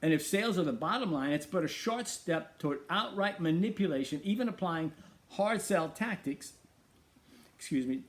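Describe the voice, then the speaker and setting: High-pitched man preaching emphatically. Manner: emphatic, rhetorical questions, repeats phrases. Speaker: radio show host. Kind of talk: preaching monologue.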